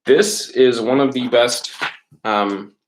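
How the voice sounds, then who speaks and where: A man teaching a middle school class over a webcam, patient, repeating words slowly and checking in with "right?" and "okay?". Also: mid-range voice, background noise. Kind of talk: recorded online class lesson.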